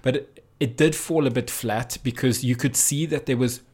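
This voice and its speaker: A man chats on a casual podcast, animated and full of fillers. His talk rambles easily between topics with an easy, conversational feel. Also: medium pitch, normal speed, breathy edge. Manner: chatty and animated, many fillers, breaks into laughter. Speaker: podcast co-host. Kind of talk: casual chat.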